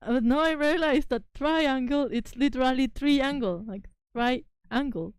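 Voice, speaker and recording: A woman whose first language is Spanish, chatting casually while streaming live as a VTuber from home. She talks in an excitable, giggly way and often apologizes. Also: high voice, a little slow, clean tone, no room sound.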